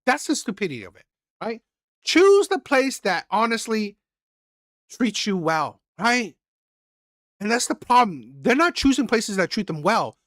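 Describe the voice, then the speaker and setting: A woman hosts a reaction video in a loud, blunt rant, swearing freely and hammering the same rhetorical questions. Her voice sits a little higher than most women's. The sound is close and completely dry, with no room around it. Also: very animated, a little slow, long pauses, dry recording. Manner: blunt, profane, fires off repeated rhetorical questions. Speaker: reaction channel host. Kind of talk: ranting commentary.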